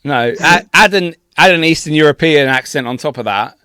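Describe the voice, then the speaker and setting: Sweary, animated podcast guy. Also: fairly high pitch, moderate pace, smooth, no echo, clean studio sound. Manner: sweary, laughing, animated storyteller. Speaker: podcast co-host. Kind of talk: casual storytelling chat.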